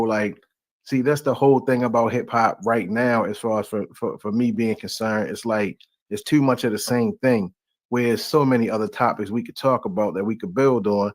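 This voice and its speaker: A man's voice: fairly low pitch, no echo. A man hosting a live stream in a loose, laid-back, rambling way and inviting viewers to join. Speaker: host. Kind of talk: casual live-stream talk.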